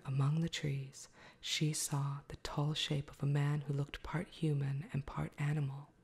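Brief: soft-spoken ASMR reader, woman, low and mellow, hushed delivery. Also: slightly rough. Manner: slow, hushed, drifting into whisper. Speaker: ASMR storyteller.

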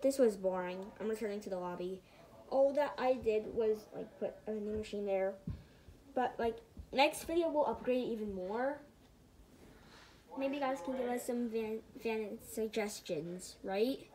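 A woman's voice: a little high, measured pace, a crowd in the background, rough recording. A woman giving casual gameplay commentary, rambling to her viewers with lots of fillers and murmuring to herself as she builds. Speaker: gaming channel host.

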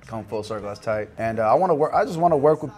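A man's voice: mid-range voice, lively intonation, fast talker, a little mellow, slightly rough, soft background music. A man in his twenties, a rapper guest talking casually in an interview, laid-back and swearing freely. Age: 20s.

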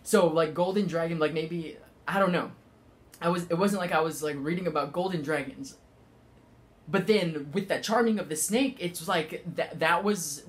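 A man giving a casual spiritual talk, rambling with many fillers and halting restarts. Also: high voice. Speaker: spiritual vlogger.

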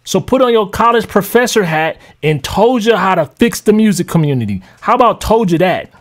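A man's voice: high-pitched, very animated, a little fast. A man ranting on a live stream to his chat as a music producer, heated, mocking and profane.

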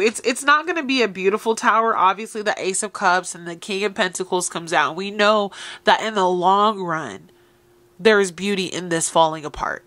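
A woman's voice: medium pitch, bright, forceful tone, no echo. A woman giving an encouraging tarot reading, speaking straight to her listeners. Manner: encouraging, addresses listeners directly. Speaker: tarot reader. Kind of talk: tarot reading addressed to viewers.

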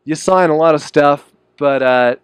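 A young man with a New Zealand accent talks in a relaxed, easygoing way as a musician giving an interview. His voice sits a little high for a man. The sound is close and dry, with no room echo. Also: measured pace, clear, resonant tone. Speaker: band musician, interview guest. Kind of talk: casual interview chat.

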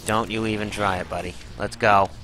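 A man's voice: on the low side, steady tone, fairly quick, sharp tone, soft background music, low-quality recording. A man giving live gameplay commentary, exclaiming, groaning and swearing as he fights a boss. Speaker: gaming channel host.

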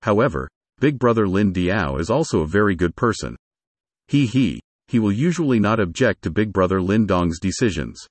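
A man's voice: fairly low pitch, lively intonation, moderate pace, dry recording. A man voicing a cheerful young sworn brother who speaks earnestly and stammers a little.

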